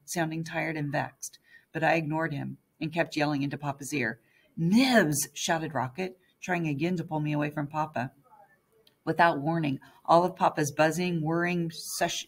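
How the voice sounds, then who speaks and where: Woman reading a kids' novel aloud, gravelly and a little husky. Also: sits low. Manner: first-person storytelling as a young girl. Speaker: audiobook narrator. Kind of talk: scripted audiobook narration.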